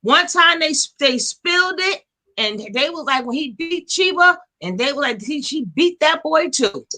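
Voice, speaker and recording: A woman hosting a casual gossip livestream, animated and slangy, quick to laugh. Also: sits high. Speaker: livestream host.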